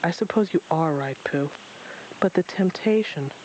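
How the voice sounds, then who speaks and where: A man voicing a wise, gray-haired old man in a storybook reading, gentle, measured and grave. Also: a little high, slight background noise, close to an everyday voice, low-quality recording. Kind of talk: storybook read-aloud.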